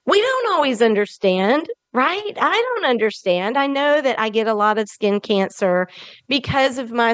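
Woman podcast host, slightly high voice, earnest and warm-hearted delivery. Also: dry recording. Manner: heartfelt and earnest, speaks directly to listeners. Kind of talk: faith-based motivational talk.

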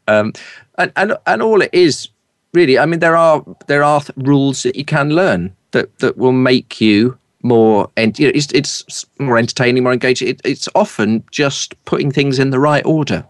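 A middle-aged man from East London with a polished southern English accent, a broadcaster and speaker coach telling lively anecdotes in an interview. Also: mid-range voice, dry recording. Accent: standard southern English. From East London, England. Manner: lively, anecdotal, quick to laugh.

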